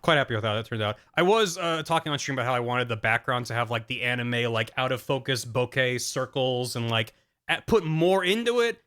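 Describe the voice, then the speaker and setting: A man's voice: medium pitch, brisk, bright, forceful tone. A man streaming and chatting casually about his own video, rambling with fillers and self-deprecating asides. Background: faint music.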